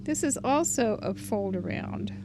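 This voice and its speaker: A woman hosting a crafting video, chatting casually and thinking aloud as she shows cards, often trailing off softly. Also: on the high side, lively intonation, measured pace, background noise. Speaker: crafting channel host. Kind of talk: casual crafting show-and-tell.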